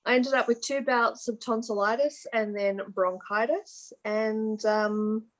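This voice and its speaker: A woman's voice: on the high side, fairly even intonation, measured pace, rough recording. A woman with an Australian accent, co-hosting a podcast in casual, easygoing chat and laughing easily. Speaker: podcast co-host.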